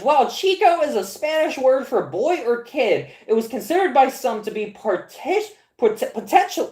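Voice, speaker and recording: Twenty-something woman ranting, swears a lot, stumbles over her words, pitch all over the place. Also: very animated, normal speed, hardly any pauses, a little mellow, roomy sound. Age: 20s. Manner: incredulous, profane, stammering restarts. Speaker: comics podcast host. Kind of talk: casual rambling commentary, reading aloud from a screen.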